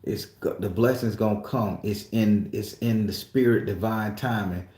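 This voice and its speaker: A man's voice: on the low side, steady tone, normal speed, darkish tone. Emotional, profane man in echoey room. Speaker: tattoo shop client. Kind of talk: emotional personal storytelling.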